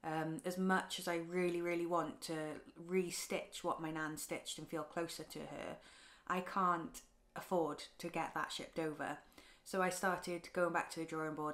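A woman talks through her craft projects in a casual home vlog. Her voice sits a little low, and her delivery is soft and tender, with frequent ums and halting restarts. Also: fairly even intonation. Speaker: craft vlogger. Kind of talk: casual show-and-tell vlog.

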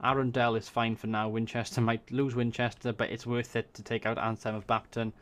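A man's voice: mid-range voice, little pitch movement, fairly quick, fairly bright tone. A Welsh man casually thinking aloud as he commentates a strategy game, swearing when surprised. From Wales. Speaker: gaming YouTuber. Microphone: desk USB microphone.

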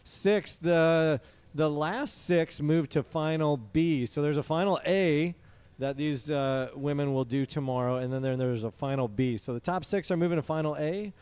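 Smooth-voiced American commentator. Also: male voice, on the high side, normal speed, few pauses, a little mellow, no room sound. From United States. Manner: dry quips, explains race format. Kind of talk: live sports commentary.

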